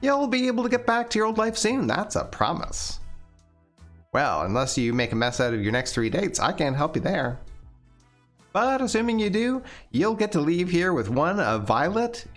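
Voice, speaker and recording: A man's voice: high-pitched, pitched above the performer's own voice. A man voicing a chipper dating-show host in a visual novel read-aloud, with an upbeat, teasing and bossy manner.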